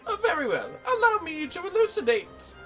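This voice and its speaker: A woman voicing a pompous, theatrical gentleman inspector, declaiming in flowery, self-important speeches over a game livestream. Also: very high-pitched, very animated, moderate pace, soft background music, pitched above the performer's own voice, full character voice, poor audio. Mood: lecturing. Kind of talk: live voice-over of game dialogue.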